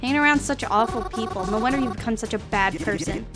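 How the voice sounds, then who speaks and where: A woman's voice: on the high side, fast talker, over music, close to an everyday voice. A woman reading a hurt, accusing young woman. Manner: plaintive, accusing.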